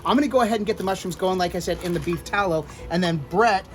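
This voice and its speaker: A man hosting a casual outdoor griddle cooking show, excitable and quick to joke. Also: high voice, a little hiss or hum. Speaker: griddle cooking channel host.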